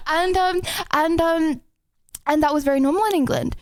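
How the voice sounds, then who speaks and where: Brief: young woman streamer, high voice, dry close sound, rambling and giggly. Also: normal speed, dry recording. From Australia. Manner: rambling and giggly, full of fillers. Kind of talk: casual live-stream chat.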